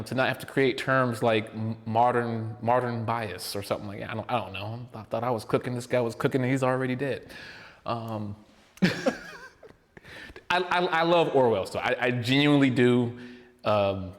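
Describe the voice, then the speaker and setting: A man's voice: mid-range voice, normal speed. Rambling podcast man in a reverberant room. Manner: rambling, tangent-prone, excitable. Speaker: podcast co-host. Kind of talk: casual chat.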